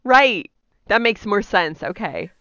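Lively woman with teasing, incredulous commentary. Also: medium pitch, takes it slowly, lo-fi sound. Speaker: podcast co-host. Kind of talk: casual comedic commentary.

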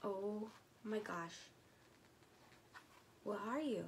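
A woman vlogger chatting casually to her viewers as she unboxes items, gushing and excitable. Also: on the high side, unhurried, long pauses.

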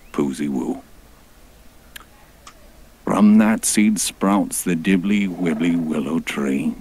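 A man's voice: extremely low pitch, darkish tone, slightly rough, exaggerated voice. A man voicing a pompous, crude male dinosaur god who makes grandiose rhyming proclamations.

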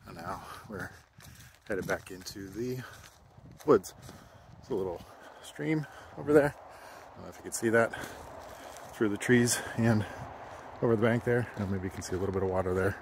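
A man's voice: fairly low pitch, moderate pace, pauses often. An older man vlogging a hike, short of breath and thinking aloud with lots of fillers, recorded outdoors on a camera. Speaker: hiking vlogger. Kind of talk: casual vlog narration. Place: outdoors on a wooded trail by a stream. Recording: noisy outdoor camera audio. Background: running water and nature ambience.

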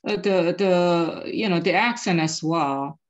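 Hesitant woman student, lowish voice. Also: measured pace, highs cut off. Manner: hesitant, unsure of her answers. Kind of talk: casual classroom exchange.

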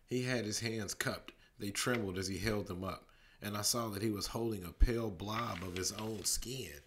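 A man reading a storybook aloud as a bedtime story, steady narration broken by lively voices for the characters. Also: on the low side, moderate pace, slight background noise.

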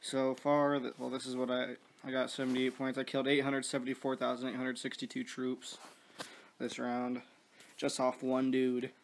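Flat-voiced man rambling through gameplay. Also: medium pitch, normal speed, vocal fry, a little hiss or hum. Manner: rambling, profane, many restarts and fillers. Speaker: mobile strategy game player. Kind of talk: casual gameplay commentary.

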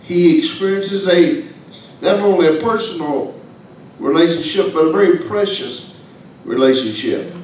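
High-voiced preacher in an echoey church. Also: male voice, a little slow, darkish tone, far from the mic, a little hiss or hum. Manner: folksy, humorous preaching with asides to the congregation. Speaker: pastor. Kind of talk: sermon. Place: church sanctuary.

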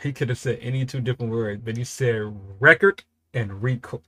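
A man hosting a music reaction, talking casually and excitably, swearing often and swinging from low muttering to loud outbursts. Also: a little fast.

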